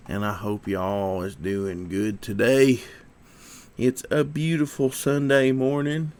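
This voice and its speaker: A man's voice: medium pitch, flat delivery, slow pace, a little mellow. Casual guy, stuffy with allergies, talking to chat and his dog, loose and friendly. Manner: easygoing, chatty, coaxing his dog. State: sniffly from allergies. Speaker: livestream host.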